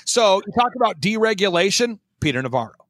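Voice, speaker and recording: High-voiced, lively, emphatic man. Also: no echo. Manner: emphatic, repetitive, fast-driving. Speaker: guest. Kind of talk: energetic talk-show conversation.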